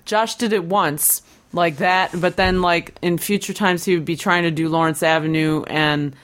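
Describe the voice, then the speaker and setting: A woman's voice: on the low side, steady tone, moderate pace. A woman co-hosting a podcast, telling a story casually with many fillers and giggles. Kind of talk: casual chat.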